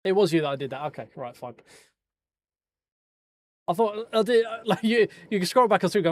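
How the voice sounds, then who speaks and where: During a sim racing stream, this man goes over race replays with viewers in casual, joking, profanity-laced chat. His high voice has lively intonation, running a little fast with frequent pauses.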